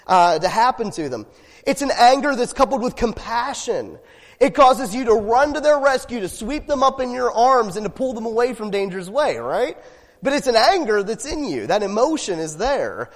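Casting: male pastor with a high voice, chatty sermon delivery, long reverb of a church hall. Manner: conversational, asks the congregation with frequent "right?".

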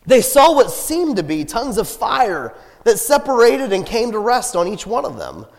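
High-voiced animated male preacher. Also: moderate pace, creaky, long reverb tail. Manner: animated, joking asides, laughs. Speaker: pastor. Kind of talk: conversational sermon. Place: church sanctuary.

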